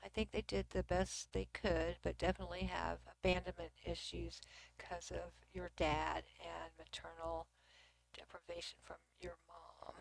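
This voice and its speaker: A middle-aged Texan woman with a Texan accent hosts a casual livestream, reading comments and chatting with viewers at her computer. Her lowish voice is flat, a little slow and fried, sometimes dropping to a near whisper, with a faint hiss or hum in the recording.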